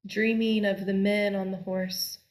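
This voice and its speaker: A woman telling a folk tale aloud in a slow, deliberate, expressive way. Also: medium pitch. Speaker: storyteller. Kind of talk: storytelling.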